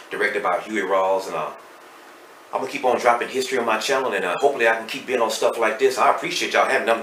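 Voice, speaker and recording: A middle-aged man with a Texas accent, speaking as a podcast guest and telling his story candidly and emotionally, swinging between loud and hushed. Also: on the low side, recorded from a distance. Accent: Southern US, Texas. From Dallas, Texas. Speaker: podcast guest, hip hop artist. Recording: roomy echo, off-mic, faint noise.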